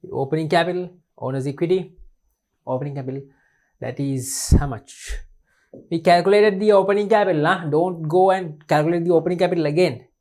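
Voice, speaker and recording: A man's voice: fairly high pitch, brisk, darkish tone. A man talks through an exam paper as a teacher. He repeats each point several times. He poses questions and answers them himself. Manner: repetitive, asks and answers his own questions. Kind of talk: recorded exam-paper lesson.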